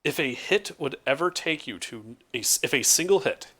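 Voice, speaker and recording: Tabletop player, male, animated delivery, explains rules carefully in a casual tone. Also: a little high, moderate pace. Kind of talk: casual chat at a tabletop game.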